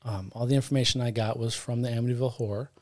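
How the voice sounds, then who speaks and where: A man's voice: medium pitch, steady tone, rapid-fire, darkish tone, dry recording, studio quality. A man co-hosting a podcast, retelling a story in a casual, rambling way, correcting himself and joking as he goes. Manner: rambling, self-correcting, jokey. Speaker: podcast co-host. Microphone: studio podcast mic.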